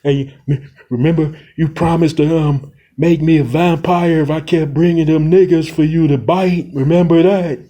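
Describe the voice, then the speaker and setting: A man's voice: on the high side, steady tone, normal speed, dark tone, voice pushed up, lightly acted. A man voicing a scheming male friend who talks in laid-back street slang. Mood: reassuring.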